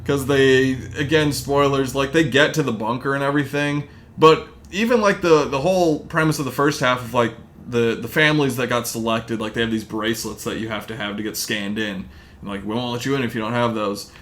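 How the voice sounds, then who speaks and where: A man hosts a laid-back podcast and talks in an ordinary middle pitch. He rambles through a movie recap with plenty of fillers and loose asides. The conversation stays casual throughout. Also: steady tone, brisk, a bit bright. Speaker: podcast host. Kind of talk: casual chat.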